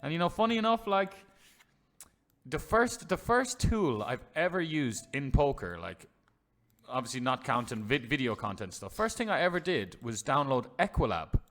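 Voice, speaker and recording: A man's voice: mid-range voice, big pitch swings, normal speed, fairly bright tone. A man commentating on his own online poker hands live, chatty and swearing freely, talking to his chat as lads and boys. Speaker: poker streamer.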